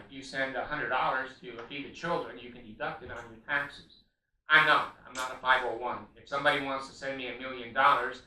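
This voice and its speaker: A man's voice: medium pitch, pushed and bright, roomy sound, far from the mic, rough recording. An older man in a rambling, emotional monologue from his living room, blunt and profane, with frequent ums and restarts. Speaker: video blogger appealing for donations. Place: his home, a living room with vaulted ceilings.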